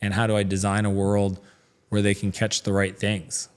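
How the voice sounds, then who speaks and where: A man's voice: fairly low pitch, completely flat delivery, normal speed, smooth. Chatty middle-aged man telling stories. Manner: chatty storytelling, many fillers, acts out quoted dialogue. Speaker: interview guest, entrepreneur. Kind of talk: casual interview conversation.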